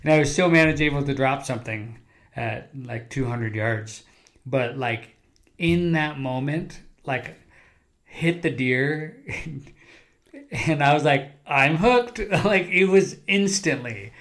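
Chill guy podcasting, average pitch, laughs a lot while he talks, says like constantly. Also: slow, fairly bright tone. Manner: easygoing, laughs while talking, lots of "like". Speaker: podcast co-host. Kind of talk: casual chat.

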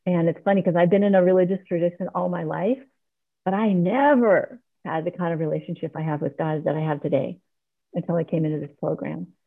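A middle-aged woman shares earnestly and from the heart at a recovery meeting held over video call. Her fairly low voice is steady, a little quick, and has some vocal fry, and the online audio sounds tinny.

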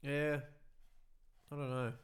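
A man's voice: mid-range voice, little pitch movement, takes it slowly. Laid-back young man chatting. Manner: laid-back, laughs easily, swears. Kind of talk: casual chat.

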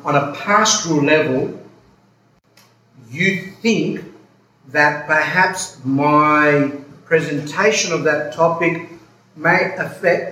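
A man's voice: on the high side, a bit bright. A man who is a priest giving an earnest, emphatic pastoral talk, repeating his points with rambling asides. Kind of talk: pastoral talk answering a listener. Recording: echoey room, distant mic, faint noise.

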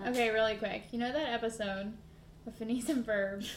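A woman's voice: fairly high pitch, steady tone, a little fast. A young woman co-hosting a podcast in casual chat, giggling often and filling her talk with "like". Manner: giggly, lots of laughter and "like" fillers. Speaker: podcast co-host. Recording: echoey room with noticeable noise.

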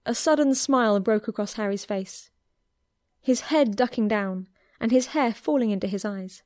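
A woman reading a fan fiction story aloud as narrator in an even, clear telling. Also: fairly high pitch, moderate pace, no echo, studio quality.

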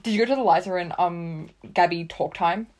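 A woman's voice: on the low side, fairly quick, darkish tone. Chatty young woman. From Australia. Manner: chatty, rambling with many fillers. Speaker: podcast co-host. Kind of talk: casual chat.

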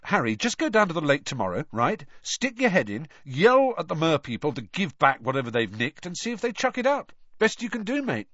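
A man voicing a teenage boy wizard who speaks flatly and offhandedly, gloomy and joking. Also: fairly high pitch, a little fast, hardly any pauses, no echo, dull audio, voice pushed up, full character voice. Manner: flat, offhand.

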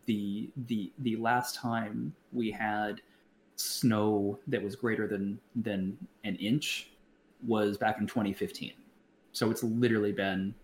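A man co-hosting a podcast in casual chat, blunt and profane, talking in halting stops and restarts. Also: on the low side. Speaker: podcast co-host. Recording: roomy echo, faint background noise.

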